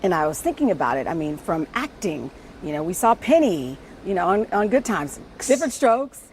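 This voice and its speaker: A woman from the US Midwest interviewing a guest, chatty and enthusiastic, quick to react. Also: on the low side, very animated, background noise. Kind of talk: friendly interview chat.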